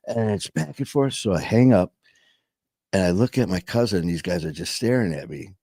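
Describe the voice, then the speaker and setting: A man with a very deep voice talks in a loose, rambling monologue, leaning hard on words and swearing freely. He sounds like a show host speaking casually to his audience. The recording is dry and close, with no room sound. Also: expressive, a little fast, dark tone, no room sound. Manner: rambling, emphatic, peppered with swearing.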